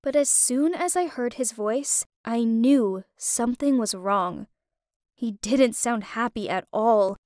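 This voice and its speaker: Casting: young woman storyteller, high voice, dry close sound, emotive first-person telling. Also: takes it slowly, a little mellow, no echo.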